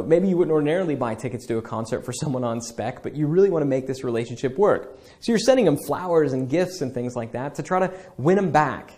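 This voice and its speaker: A man explains email marketing in a relaxed, chatty lecture and slips into the voice of sample messages as he goes. His voice sits a little high for a man. Its tone is mellow and soft-edged. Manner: conversational, many fillers, acts out sample emails. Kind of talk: casual spoken lecture.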